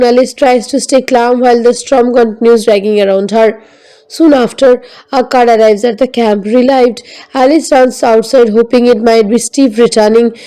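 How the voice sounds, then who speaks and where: A woman narrating a scripted film recap in a steady, even storytelling manner. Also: fairly high pitch, low-quality recording.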